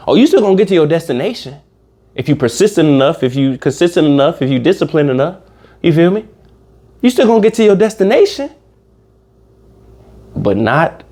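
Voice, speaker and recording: A man with a fairly high voice talks casually to his viewers in a reaction video. He rambles and preaches about life, swearing freely as he goes. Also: darkish tone.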